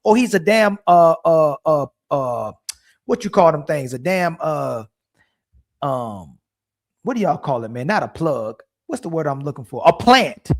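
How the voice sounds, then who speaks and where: A man hosting a stream, reacting to a clip with indignant, repetitive commentary and pausing to search for words. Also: fairly high pitch, sing-song.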